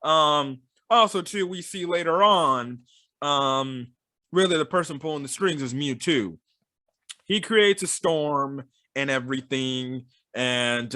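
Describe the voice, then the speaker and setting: A man's voice: on the high side, bright, forceful tone, no echo, studio quality. A man giving a casual, rambling film review, full of fillers and sarcastic asides.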